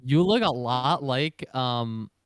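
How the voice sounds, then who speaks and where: A man's voice: mid-range voice, lively intonation, slow pace, no echo. Blunt, profane young man telling stories. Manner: blunt, profane, rambling storyteller. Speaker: podcast co-host. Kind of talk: casual chat.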